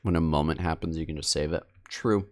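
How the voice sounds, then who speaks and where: A man's voice: extremely low pitch, steady tone, fairly quick. A male streamer editing video live, chatting casually and self-deprecatingly with his viewers. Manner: rambling and self-deprecating, talks straight to chat.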